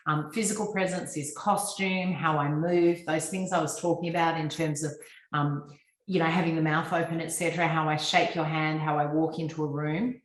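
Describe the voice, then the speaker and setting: A woman's voice: low voice, roomy sound, low-quality recording. Australian woman presenting over a video call. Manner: fluent, instructive, with frequent ums. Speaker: guest speaker on personal branding. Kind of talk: presentation to a business audience.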